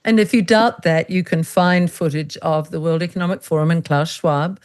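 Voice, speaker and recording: A woman's voice: deep voice, steady tone, fairly quick, few pauses, a little mellow. A woman hosting an interview, speaking emphatically and addressing her viewers directly, with an indignant edge. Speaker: interviewer, host. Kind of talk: conversational interview.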